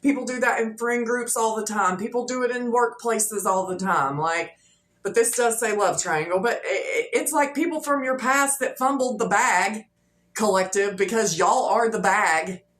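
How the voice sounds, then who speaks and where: A woman's voice: a little high, normal speed, fairly bright tone. Chatty woman reading tarot, echoey room. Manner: chatty, loose, heavy on fillers and repeats. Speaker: tarot reader. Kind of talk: casual tarot reading for viewers. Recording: echoey room with faint noise.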